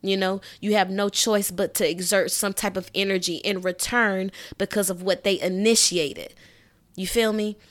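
A woman hosting a solo podcast in casual chat, emphatic and conversational, often checking in with "you know what I'm saying" and jumping up in pitch when she acts out reactions. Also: normal speed. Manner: animated, raises pitch when acting out reactions. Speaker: podcast host.

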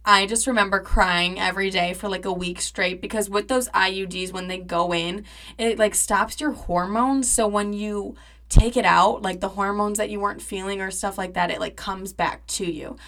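A woman's voice: medium pitch, fairly even intonation, moderate pace, a bit bright. A young woman in her twenties hosting a podcast, telling a personal story in a chatty, dramatic way, full of "like" and swearing. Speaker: podcast host. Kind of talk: casual storytelling monologue.

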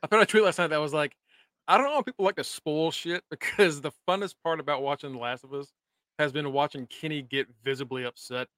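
A man with a slightly high, bright voice chats loosely and laughs often. He needles his co-host in easy podcast banter. The sound is dry and up close. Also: quick pace, no echo. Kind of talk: casual recap chat.

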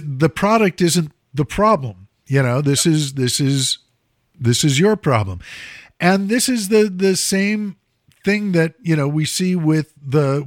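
A man's voice: fairly high pitch, dry recording, studio quality. A man in casual chat, ranting with strong opinions.

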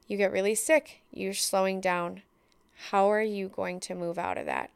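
A woman's voice: mid-range voice, fairly even intonation, normal speed, creaky, smooth, dry recording. A woman hosting a solo podcast, talking in a reflective, earnest way and thinking aloud with fillers. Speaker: podcast host.

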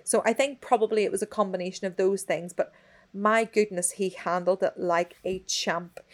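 A woman, telling a story in casual chat, expressive and swearing freely. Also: mid-range voice, normal speed. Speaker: podcast co-host.

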